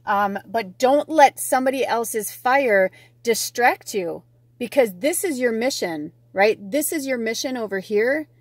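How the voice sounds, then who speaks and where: A woman's voice: fairly high pitch, expressive, unhurried, dry recording. A woman giving a casual spiritual card reading, chatty and gushing, thinking aloud and swearing now and then. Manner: thinks aloud, with many fillers and restarts. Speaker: tarot and oracle card reader.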